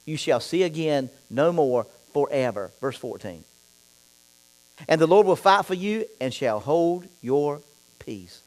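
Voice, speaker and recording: A male pastor preaching a sermon, reading scripture and then talking straight to the congregation, dropping low for asides and getting loud and fired up in other stretches. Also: low-quality recording. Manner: reads scripture aloud and talks straight to the congregation.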